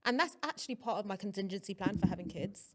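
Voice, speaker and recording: A woman's voice: medium pitch, lively intonation, fast, background noise. A young woman co-hosting a podcast, teasing and emphatic in casual chat with a friend. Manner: teasing, emphatic, laughs often. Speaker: podcast co-host.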